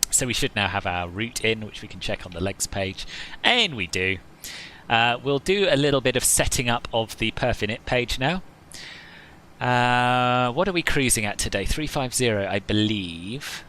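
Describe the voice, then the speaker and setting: A man's voice: medium pitch, animated, a little slow, bright, forceful tone, a little hiss or hum, rough recording. A man chatting casually as he streams a flight simulator session, joking with viewers and often laughing at himself. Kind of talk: casual live-stream commentary.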